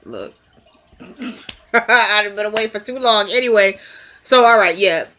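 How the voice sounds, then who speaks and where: A woman's voice: mid-range voice, takes it slowly, sharp tone. Woman, casual recap vlog, sniffly, chatty, acts out lines, talks to camera. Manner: chatty, laughs often, acts out quotes. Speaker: TV episode recapper.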